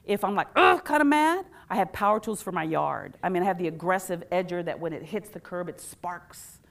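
A woman presenting a workshop to a live audience, playful and animated, asking questions and pulling the room in. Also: on the low side, brisk, creaky. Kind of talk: lively talk to a live audience.

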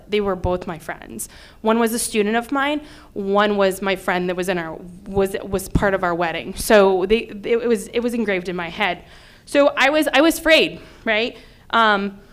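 A woman in her thirties from upstate New York, telling a personal story with lively acted-out quotes. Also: fairly high pitch, clean tone. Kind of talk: personal story told to an audience.

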